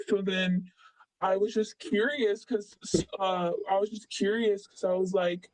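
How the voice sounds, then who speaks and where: High-voiced young man rambling casually. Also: unhurried, dry recording, low-quality recording. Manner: rambling, filler-heavy, animated quoting. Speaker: interviewee. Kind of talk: casual storytelling.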